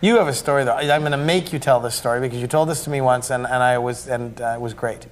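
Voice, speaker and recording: A man's voice: medium pitch, quick pace. A man hosting a comedy talk show, chatting playfully with his guests.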